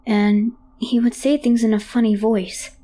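A woman narrating a first-person horror story in a halting, hushed, childlike way. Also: fairly high pitch, flat delivery.

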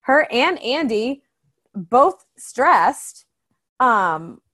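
A woman's voice: a little high, very animated, drawn-out words, a bit bright, husky. A young woman co-hosting a podcast in casual chat, talking loosely with lots of fillers. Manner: chatty, many fillers. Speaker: podcast co-host.

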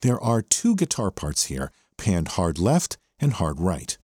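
A man's voice: low voice, huge pitch swings, measured pace, heavy background noise. A man hosting a track breakdown, explaining a rock song's parts with enthusiasm and a teacherly manner. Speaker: host breaking down a rock song. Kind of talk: explanatory music commentary. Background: the song playing underneath.

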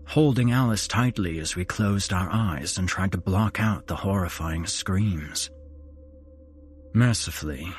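A man hosting a horror podcast, narrating a first-person story in an unhurried, dramatic storytelling way. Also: on the low side, slight background noise. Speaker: host and narrator.

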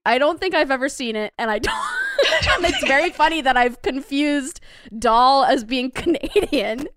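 A woman's voice: high-pitched, huge pitch swings, unhurried, noisy background. A woman co-hosting a podcast, goofy and self-mocking in casual chat. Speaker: podcast co-host.

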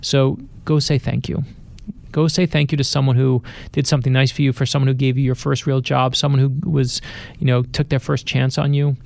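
A man's voice: mid-range voice, level tone, brisk, gravelly, darkish tone, no echo. A middle-aged man, an author, telling personal anecdotes in a radio studio interview, acting out the voices he quotes. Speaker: best-selling author, interview guest. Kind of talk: animated storytelling.

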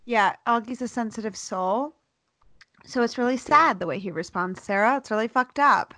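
A woman's voice: fairly high pitch, moderate pace, sharp tone, dry recording. A woman co-hosting a casual podcast, blunt and wry, swearing casually. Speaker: podcast co-host. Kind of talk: casual chat.

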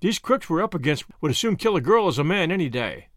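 A man's voice: fairly high pitch, very animated, fast talker, dry recording. A man voicing a brash, generous young American with an American accent and breezy, confident slang.

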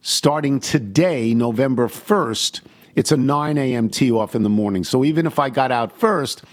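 An older man hosts a talk show, chatting casually and telling rambling, self-deprecating stories in a mid-range voice at a normal speed.

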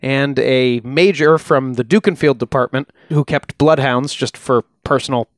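A man co-hosting a podcast, recounting a true-crime case in a relaxed, chatty way with frequent ums. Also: mid-range voice, normal speed, no echo, studio quality. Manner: relaxed, uses fillers like uh and um. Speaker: podcast co-host. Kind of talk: casual true-crime storytelling.

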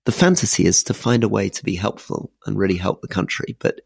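Gravelly-voiced man in thoughtful chat. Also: lowish voice, dry recording, studio quality. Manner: self-deprecating, thoughtful, halting restarts. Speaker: podcast co-host. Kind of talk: casual political chat.

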